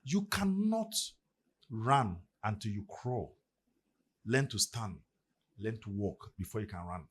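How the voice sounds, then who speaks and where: A man's voice: on the low side, lively intonation, slow pace, husky. A middle-aged man from Ghana with a Ghanaian English accent, speaking in an emphatic, preacherly way as a podcast guest. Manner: preacherly, emphatic, rising and falling delivery. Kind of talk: motivational podcast talk.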